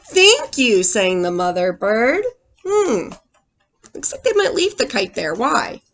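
A young woman teacher reading a picture book aloud to small children, with expressive sound effects and questions to the class. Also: mid-range voice, slow.

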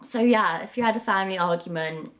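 A woman, chatting casually to camera in a vlog and gushing when she gets excited. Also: mid-range voice, fairly quick. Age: 20s. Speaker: vlogger.

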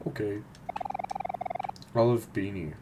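A man playing a game and commenting in a sleepy, low-key way. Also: slow pace. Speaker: game player. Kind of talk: let's play commentary. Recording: loud background noise.

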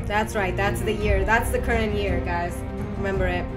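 A young woman commentating a video game she is playing, excitable, swearing freely and shouting at the screen. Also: medium pitch, normal speed. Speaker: gaming video host. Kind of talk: let's play commentary. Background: game music and sound.

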